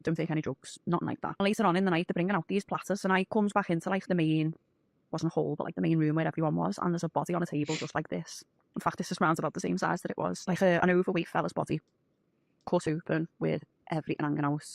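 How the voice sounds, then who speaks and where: A woman with a Scouse accent telling a story in blunt, sweary, animated casual talk. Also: lowish voice, fast, gravelly, no room sound.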